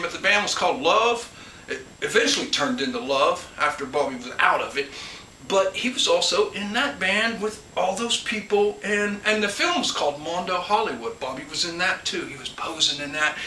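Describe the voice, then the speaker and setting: A man with a bright, lively voice rambles through a casual monologue, full of restarts and asides. He sits some distance from the mic in an echoey room. A faint hum of ambience runs underneath. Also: high voice. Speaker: collector and channel host.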